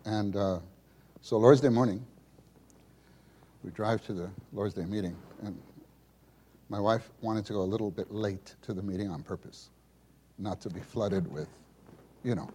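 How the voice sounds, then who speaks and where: A man telling a personal story at a church meeting, animated and acting out the people in it. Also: on the low side, a little hiss or hum. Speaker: speaker sharing a testimony at a church meeting.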